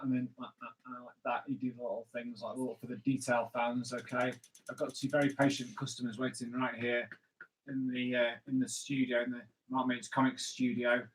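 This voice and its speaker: A man's voice: mid-range voice, a bit bright, rough recording. A man who makes comics hosts a live drawing stream, chatting playfully and cracking jokes as he sketches viewers' requests. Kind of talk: live draw-along chat.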